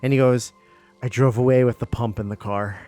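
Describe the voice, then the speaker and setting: A man's voice: mid-range voice, brisk, faint music behind. A man telling a long, casual story on a stream, doing the voices of the people he quotes. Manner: lively storyteller who acts out quoted voices. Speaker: stream guest.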